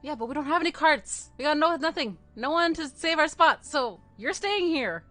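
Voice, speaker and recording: Woman playing d&d in character, brash slangy jokey talk, soft music behind. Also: sits high, animated, normal speed, no room sound. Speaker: player. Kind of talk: playing a tabletop game in character.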